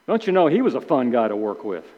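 A man preaching a sermon in an animated way, acting out the characters' complaints with sudden emphatic outbursts. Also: medium pitch, quick pace. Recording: dull sound with long hall reverb.

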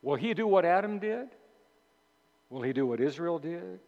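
A man's voice: on the high side, animated, normal speed, creaky, highs cut off. A male pastor preaching a sermon with emphasis, posing rhetorical questions to his congregation in a church. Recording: long reverb of a large hall.

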